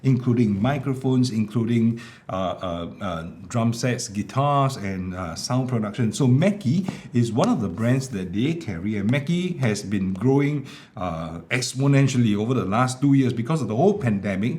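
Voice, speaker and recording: For a product demo vlog, a mellow tech reviewer shows off his gear, speaking at medium pitch and a moderate pace with few pauses. He explains things loosely and fills gaps with fillers. The setting is a home room with an air conditioner, and he uses a small wireless clip mic.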